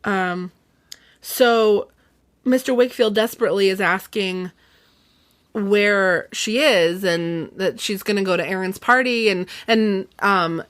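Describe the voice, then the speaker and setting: A woman's voice: mid-range voice, slow pace. A young woman hosting a podcast, animatedly retelling a book's plot in casual chat. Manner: chatty, animated, laughing retelling. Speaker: podcast host. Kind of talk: casual chat recapping a book.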